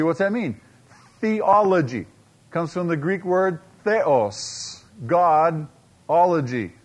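A fairly high-voiced man delivers a sermon in church. He presses his points with repeated rhetorical questions and stretches key words out slowly. He drops into soft, hushed asides. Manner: emphatic preacher, rhetorical questions, dramatic slow-downs and quiet asides. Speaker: pastor.

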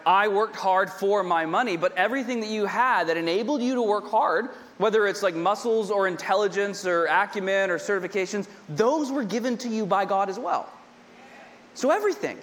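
A man with a high, light voice preaches to a congregation and keeps it chatty, circling back to drive each point home and tossing in jokes as he goes. His words ring out with a long reverb tail from a big church hall. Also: fairly bright tone. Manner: conversational, repeats points, humorous asides. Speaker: pastor. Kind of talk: sermon.

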